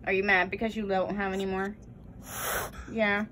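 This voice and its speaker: A woman's voice: mid-range voice, level tone, normal speed, fairly bright tone, a little hiss or hum. A woman talking to her pet genet in teasing, coaxing baby talk. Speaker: exotic pet owner.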